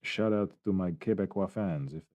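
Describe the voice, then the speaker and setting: Man, low voice, muttering short asides while sculpting, dry close sound. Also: normal speed, warm tone, no echo. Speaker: miniature terrain sculptor streaming his work. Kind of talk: casual running commentary while working.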